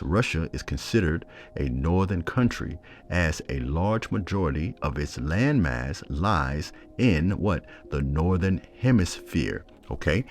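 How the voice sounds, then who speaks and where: Very deep-voiced man teaching scripture. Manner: reads verses slowly, breaks in with commentary; asks and answers his own questions. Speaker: bible teacher.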